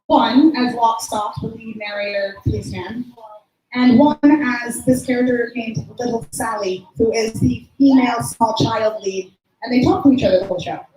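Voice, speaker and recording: A woman's voice: fairly high pitch, moderate pace, warm tone. A woman hosting a student recital as the drama teacher, talking in a chatty, rambling, effusive way with lots of fillers. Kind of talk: emcee remarks at a student recital. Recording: echoey room.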